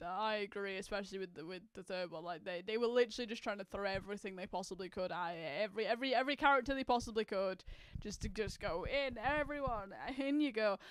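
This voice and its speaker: Giggly woman with a smooth, dry voice. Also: mid-range voice, fast talker, no echo. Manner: agreeable, giggly, chiming in. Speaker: podcast co-host. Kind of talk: casual chat.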